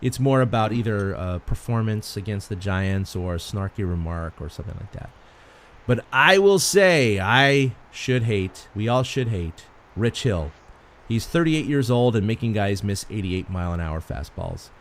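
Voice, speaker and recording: A man co-hosting a sports podcast, an animated storyteller who laughs often in casual chat. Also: lowish voice, normal speed. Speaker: podcast co-host.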